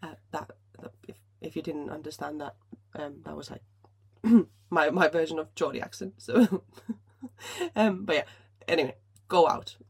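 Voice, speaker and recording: Emotional woman, husky voice. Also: sits low, normal speed, darkish tone. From Finland. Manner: emotional, swears freely, many restarts. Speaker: podcast host. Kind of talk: casual solo podcast talk.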